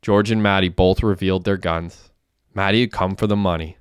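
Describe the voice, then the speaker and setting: A man reading a crime story aloud in a plain, steady way. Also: deep voice, brisk, clean tone, no room sound, clean studio sound. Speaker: narrator. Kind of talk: audiobook narration.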